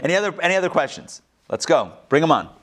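This teacher talks fast at a fairly high pitch while guiding a class through a text study, with an online audience watching. Animated and joking, he peppers the group with questions throughout the interactive session.

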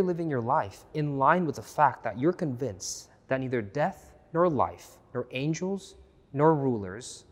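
A man preaching a sermon as pastor, earnest and repetitive, dropping to a hush and then rising loud again. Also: medium pitch, lively intonation, a little slow. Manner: earnest, repeats key phrases, swings from hushed to loud. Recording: long reverb of a large hall.

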